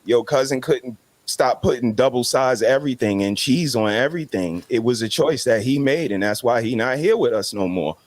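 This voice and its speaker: A man's voice: medium pitch, lively intonation, normal speed, dry recording. A man, making emphatic, preachy points as a guest in a casual podcast discussion. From New York City.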